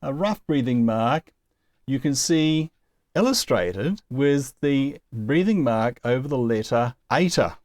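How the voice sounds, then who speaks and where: A man teaches Greek pronunciation slowly and patiently, with a lively voice that rises and falls. The sound is close and dry, with no room echo. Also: medium pitch. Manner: patient, explains step by step with small laughs. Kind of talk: recorded language lesson.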